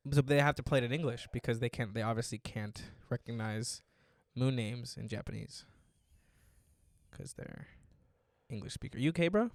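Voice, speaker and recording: A man's voice: mid-range voice, moderate pace, vocal fry, pauses often, no echo. Dry-sounding young man, casual podcast chat. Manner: teasing, swears freely, lots of filler "like". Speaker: podcast co-host.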